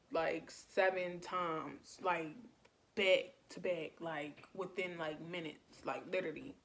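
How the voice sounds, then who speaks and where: A young woman vlogger chatting casually through a storytime, full of "like" fillers and animated retellings. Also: lowish voice.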